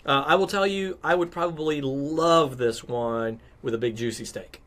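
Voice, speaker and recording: A man's voice: mid-range voice, normal speed, a bit bright. A man hosting a casual panel show, chatty and leading the talk with frequent fillers. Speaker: host.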